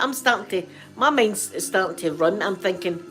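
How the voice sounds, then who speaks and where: A middle-aged Scottish woman hosting her channel, telling a story in an animated, chatty, colloquial way. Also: medium pitch, moderate pace, few pauses, faint music behind. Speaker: channel host. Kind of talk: storytelling chat.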